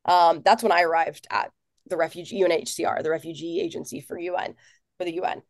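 A woman in her thirties from Tennessee, a political organizer telling her story as a guest in an office, earnest and animated with lots of fillers. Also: lowish voice, quick pace, no echo, clean studio sound. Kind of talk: casual interview.

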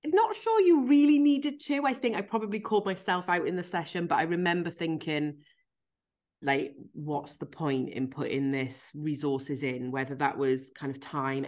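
Low-voiced frank woman podcast host. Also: a little mellow. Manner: frank, emphatic, self-deprecating, swears casually; recounts a tearful therapy session. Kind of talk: candid conversational podcast chat.

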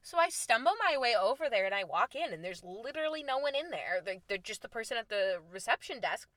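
A young woman telling a travel story in a casual, lively way, acting out the lines she quotes. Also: a little fast, dry recording. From United States. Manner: animated, acts out quoted lines with big pitch jumps. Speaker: storyteller host.

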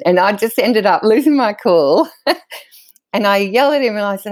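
A middle-aged woman, a guest telling stories from her own life in a candid, animated way and laughing often as she talks. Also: mid-range voice, moderate pace, dry recording. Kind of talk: candid conversational storytelling.

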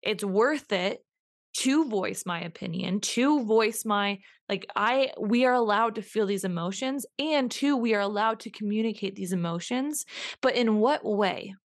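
A woman's voice: mid-range voice, a little slow. A young adult woman hosting a solo podcast, talking earnestly and reflectively, repeating herself for emphasis with frequent restarts. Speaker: podcast host.

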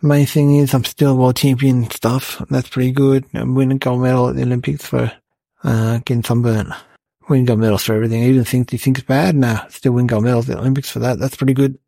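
A cheeky, boastful young boy, as a man puts him on rambles through a comic monologue with bossy swagger and endless restarts. His voice is low, gravelly and a little husky, set against a dry, close sound. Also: level tone, fast talker, warm tone, no room sound. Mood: boastful rambling.

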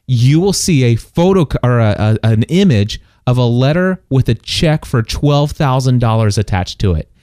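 In a relaxed testimony chat, a middle-aged man recounts something personal, expressive and at a moderate pace with hardly any pauses. His voice is mellow and mid-pitched, and he laughs and stumbles through restarts. The audio is close and dry, with no echo.

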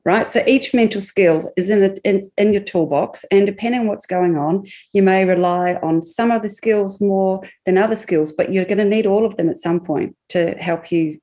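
A woman psychologist co-hosting a podcast, explaining ideas in a measured way with examples. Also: mid-range voice, mellow. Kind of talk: casual podcast conversation.

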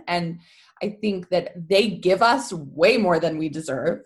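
A woman hosting a casual interview, animated and chatty, using rhetorical questions and lots of fillers. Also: lowish voice, a little slow. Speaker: host.

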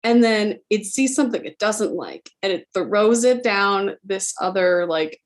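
A woman hosting a podcast, telling a funny story in a casual, animated way and often laughing as she talks. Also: mid-range voice, unhurried. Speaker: podcast host.

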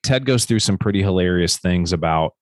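Deep-voiced, emphatic middle-aged man. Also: brisk, no echo, clean studio sound. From United States. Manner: emphatic, animated storyteller. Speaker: podcast co-host. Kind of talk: casual chat.

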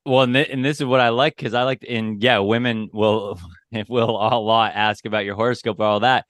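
A man's voice: lowish voice, fairly even intonation, normal speed, a bit bright, dry recording, clean studio sound. Chatty laughing man on a podcast. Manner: chatty, laughs often, frequent restarts. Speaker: podcast co-host. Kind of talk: casual podcast chat.

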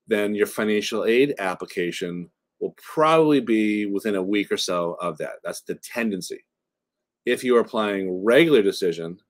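A middle-aged man, a college admissions consultant, explains things casually with wry, offhand jokes and plenty of fillers. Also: sits low.

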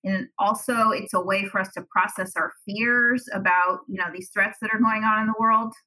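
A woman's voice: medium pitch, steady tone, moderate pace, pushed and bright, low-quality recording. A woman on a podcast, answering interview questions thoughtfully and restarting her sentences as she works out her points. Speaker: podcast guest.

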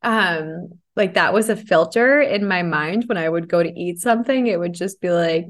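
A woman's voice: on the low side, normal speed, few pauses. Candid, swearing woman podcast host. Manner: candid, swears freely, laughs often. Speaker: podcast host and self-love coach. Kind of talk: casual confessional podcast monologue. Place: podcast room in a co-working space.

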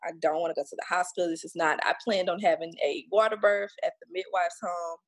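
A woman's voice: on the low side, steady tone, fast talker. A woman guest telling her story in a casual, blunt and emphatic way, swearing now and then and acting out what others said to her. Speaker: podcast guest sharing her birth story.

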